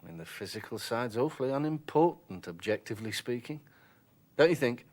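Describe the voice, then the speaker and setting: An actor playing a naive young gentleman who talks in an earnest, well-mannered and awkwardly polite way. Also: medium pitch, expressive, brisk, natural voice. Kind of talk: 1990s television drama acting.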